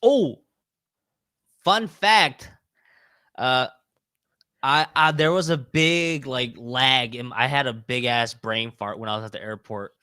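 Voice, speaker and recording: A man's voice: medium pitch, slow pace, long pauses, clean tone, no room sound, clean studio sound. A man chatting casually on a podcast, telling a story with lots of swearing and acting out the people in it. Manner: animated, swearing, acts out the people in his story. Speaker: podcast co-host.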